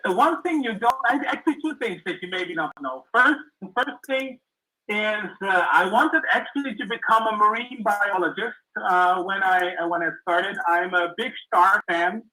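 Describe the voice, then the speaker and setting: A man speaking as a guest on a video call, halting and modest, with many pauses. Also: sits high, pushed and bright, low-quality recording.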